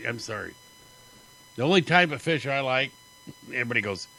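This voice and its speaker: A man's voice: medium pitch, lively intonation, brisk, vocal fry, pauses often, sharp tone, rough recording. Guy hosting talk radio, joking around and laughing a lot. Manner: chatty, laughs often, jokey asides. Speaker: radio host.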